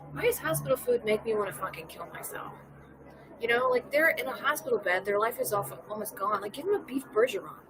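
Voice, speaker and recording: A woman from Louisiana hosting a casual comedic monologue, rambling and cursing and laughing her way through dark topics. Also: on the high side, noisy background. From Louisiana, USA. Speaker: host.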